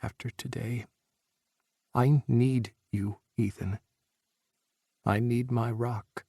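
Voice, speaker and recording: A man voicing a steady male leader who speaks in a calm, earnest way. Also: mid-range voice, measured pace, gravelly, no echo, clean studio sound. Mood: pleading.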